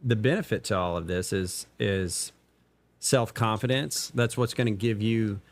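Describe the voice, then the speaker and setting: A man's voice: on the low side, unhurried. A man co-hosting a podcast, talking earnestly in casual chat and often checking in with "right?". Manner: earnest, explains with repeated "right?". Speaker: podcast co-host.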